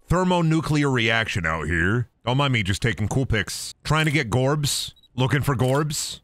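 A man's voice: medium pitch, big pitch swings, normal speed, hardly any pauses, a bit bright. A young man streaming a ghost-hunting game, joking and swearing as he plays and slipping into silly put-on voices. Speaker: gaming streamer. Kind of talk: casual live-stream commentary while playing.

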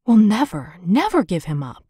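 A woman's voice: mid-range voice, wildly swooping pitch, moderate pace, mellow, breathy edge, dry recording, studio quality. A woman voicing an earnest, protective older boy in a storybook reading. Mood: determined. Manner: earnest, timid but determined.

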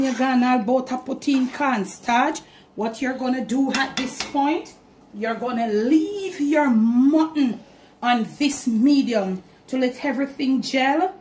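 A woman's voice: sits high, darkish tone, reverberant, a little hiss or hum. A woman with a Jamaican accent hosting a home cooking demonstration, talking chattily straight to the camera and mixing in Patois. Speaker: cooking channel host. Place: home kitchen.

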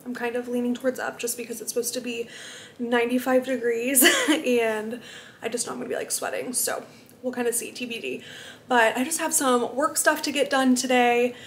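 Young woman, slightly higher voice, chatty vlog at home, kinda out of breath, echoey room. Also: steady tone, normal speed, slight background noise. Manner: bubbly, filler-heavy, talking to camera. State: out of breath from pregnancy. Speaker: vlogger. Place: home, indoors. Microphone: camera mic.

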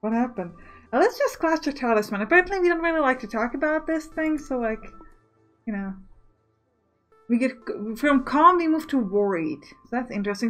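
A woman's voice: high voice, low-quality recording. Chatty woman playing a story game. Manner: chatty asides between reading. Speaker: let's play host. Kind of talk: game commentary and narration reading. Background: faint game music.

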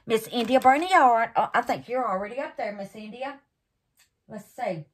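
A woman's voice: a little high, normal speed. A woman hosting a craft channel, unboxing gifts in casual chat and gushing over them with terms like honey and baby.

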